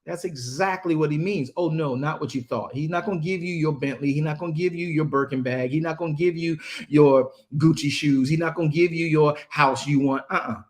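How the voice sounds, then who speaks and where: A male preacher with a fairly high voice, delivering a sermon with fervent emphasis. He talks straight to his congregation in casual, everyday speech. He stumbles over repeated words as his passion builds. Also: a little fast, few pauses.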